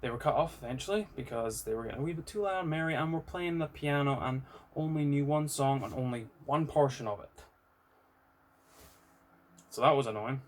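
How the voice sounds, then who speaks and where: A man's voice: medium pitch, a little fast. A man with a British accent, talking candidly and ramblingly in an unscripted personal vlog, with some swearing. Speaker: vlogger.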